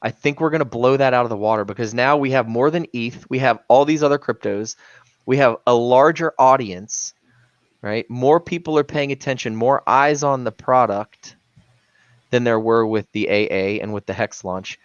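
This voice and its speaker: A man's voice: mid-range voice, normal speed, no echo, muffled recording. A man co-hosting a casual crypto livestream, talking emphatically and saying "man" often. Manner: emphatic, says "man" a lot.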